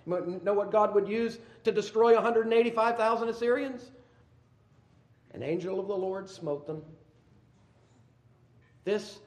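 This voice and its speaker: A man preaching a sermon, building to loud emphatic peaks and then dropping to quiet, low asides. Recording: roomy echo.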